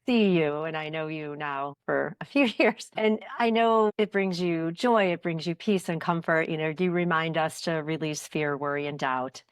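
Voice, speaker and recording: A woman hosts a casual podcast interview, warmly affirming her guest and asking long, winding questions. Her voice is very low for a woman, and it sounds dry and close to the mic. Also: moderate pace, few pauses, clear, resonant tone, no room sound. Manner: warm, affirming, asks long rambling questions. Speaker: podcast host.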